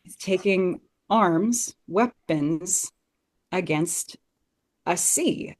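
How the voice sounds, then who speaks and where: A woman guesting on a podcast picks apart a Shakespeare text in conversation, musing aloud with earnest enthusiasm. Her voice is lowish and a touch mellow, her pace a little slow.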